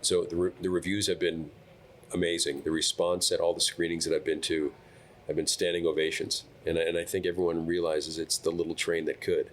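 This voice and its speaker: A middle-aged American man, an actor guest, talking in a relaxed and playful way on a podcast. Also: low voice, brisk. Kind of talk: casual podcast chat.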